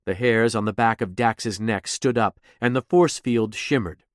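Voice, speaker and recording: Male audiobook narrator, slow and even, dry booth sound. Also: lowish voice, dry recording. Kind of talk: scripted narration.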